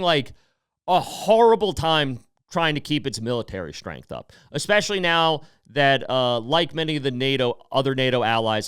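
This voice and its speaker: Lively, clear-voiced man ranting. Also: medium pitch, no room sound, studio quality. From United States. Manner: heated, profane ranting; sarcastic. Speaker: podcast host. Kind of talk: casual podcast monologue.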